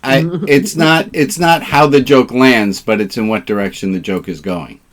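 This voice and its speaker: A man with a medium-pitched voice and fairly even intonation leads an informal online service as rabbi, speaking at normal speed. Over a video call he chats jovially with his congregation and cracks puns.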